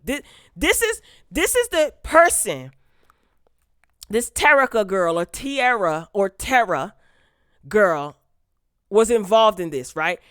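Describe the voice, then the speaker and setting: A woman's voice: mid-range voice, fairly bright tone, clear, resonant tone, dry recording, studio quality. A woman hosting her own commentary channel, talking casually and bluntly, her indignation rising into exasperation as she goes. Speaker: channel host.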